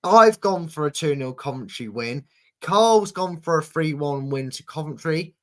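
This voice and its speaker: A man hosts a relaxed football prediction show. His voice sits a little high, and he talks in a chatty, teasing way while reading out viewers' score picks. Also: unhurried. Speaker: host. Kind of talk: casual football prediction chat.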